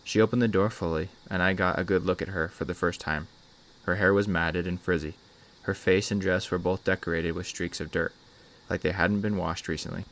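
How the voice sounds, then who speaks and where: Low-voiced man narrating a scary story. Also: a bit bright. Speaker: host, story reader. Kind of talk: scripted horror story narration.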